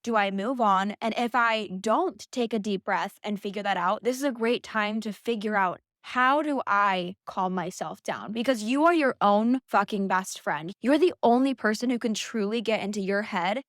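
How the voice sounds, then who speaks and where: A woman's voice: medium pitch, normal speed, few pauses, a bit bright, no room sound, clean studio sound. A young woman vlogging, giving blunt, emphatic motivational talk and swearing freely. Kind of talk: casual motivational talk to camera.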